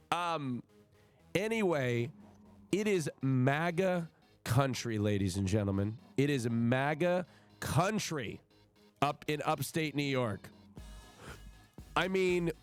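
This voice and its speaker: Unhurried profane male streamer. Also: a little high, soft background music. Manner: profane, excitable, mock-outraged. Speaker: livestreamer. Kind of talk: casual livestream chat. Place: home streaming setup.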